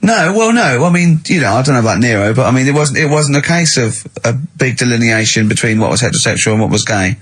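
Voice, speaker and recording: Husky man teasing on radio. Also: medium pitch, animated, fast, few pauses, a bit bright. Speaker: radio host. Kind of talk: casual radio banter.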